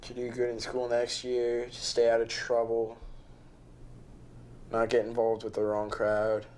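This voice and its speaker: A young man in a documentary interview, soft-spoken and quiet, laughing easily as he talks. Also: medium pitch, monotone, a little slow. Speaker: camp participant.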